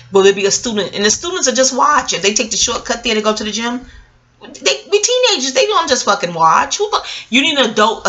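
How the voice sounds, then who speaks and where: A middle-aged woman tells a story straight to the camera, animated and salty. Her voice has a gravelly, fry-laden edge. The tone is bright and forceful. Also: mid-range voice, low-quality recording. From New York City. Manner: animated, profane, talks straight to viewers. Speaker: vlogger and memoir author. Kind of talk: casual storytelling monologue.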